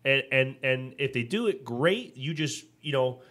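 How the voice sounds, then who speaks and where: A man co-hosting a business podcast in a loose, conversational way. He tells stories with energy, slips into acted-out quotes and stumbles through restarts as he goes. His pitch sits in an ordinary middle range. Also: measured pace. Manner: animated storytelling, acts out quotes; frequent restarts and fillers. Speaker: podcast co-host. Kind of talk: casual business podcast chat.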